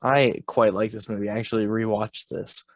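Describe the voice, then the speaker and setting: A man's voice: on the low side, little pitch movement, moderate pace, no echo, clean studio sound. A young adult man co-hosting a podcast, chatting casually, rambling as he recounts scenes and laughing often. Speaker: podcast co-host. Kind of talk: casual chat.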